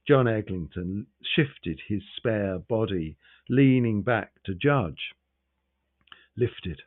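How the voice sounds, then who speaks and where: A man reading a novel aloud in a measured, expressive way. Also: lowish voice, no echo. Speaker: reader. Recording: tinny, phone-like sound.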